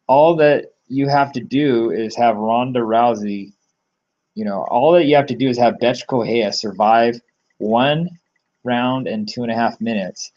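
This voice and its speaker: A man talks through his picks in a loose, rambling way, full of ums and restarts and the odd curse. His voice sits a little low. The recording is muffled and lo-fi. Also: a little mellow. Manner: rambling, filler-heavy, blunt with casual swearing. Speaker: MMA betting tipster. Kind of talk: casual solo commentary.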